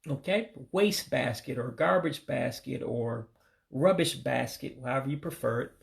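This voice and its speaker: Male from the US, gravelly voice, runs a casual vocab lesson, slow patient repetition of each word. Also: medium pitch. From United States. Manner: religious sign-offs. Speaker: language learner teaching vocabulary.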